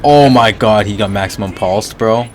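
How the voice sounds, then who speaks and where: A young man streaming a team shooter in casual gaming chat, excitable, swearing and repeating himself. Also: lowish voice, moderate pace, faint music behind.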